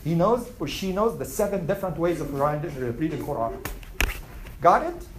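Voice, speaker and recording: A woman teaching a Quran class, asking her students questions and reciting Arabic verses quickly. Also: low voice, animated, background noise. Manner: asks the class questions and answers them. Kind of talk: classroom lesson.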